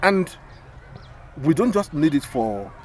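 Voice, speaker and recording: An animated man in casual talk-show banter, his voice swinging widely in pitch and sitting a little high for a man. He exclaims often and stumbles through fillers and restarts. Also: takes it slowly. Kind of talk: casual podcast chat.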